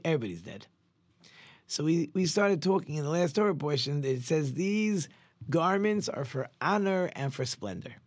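A man, a rabbi, telling a parable in a sermon and acting out the characters' lines with lively shifts. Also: fairly high pitch, no room sound. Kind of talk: sermon storytelling.

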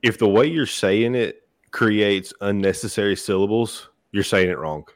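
Appalachian georgia guy, deep-ish voice, dry close mic, folksy opinions. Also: normal speed, no room sound. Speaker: podcast guest. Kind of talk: casual studio chat. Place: podcast studio.

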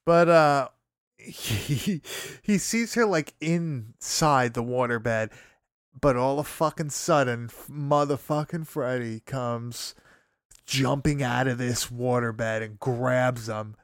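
A man's voice: mid-range voice, slow, smooth, dry recording, clean studio sound. A young man casually recapping a horror movie, swearing, laughing often and rambling through fillers.

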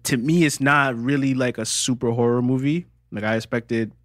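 A man's voice: medium pitch, steady tone, moderate pace, a bit bright, no echo, studio quality. A young man in casual podcast chat, giving a laid-back opinion full of "like" and other fillers. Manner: laid-back, filler-heavy, says "like" a lot. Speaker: podcast co-host. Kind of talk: casual chat among friends.

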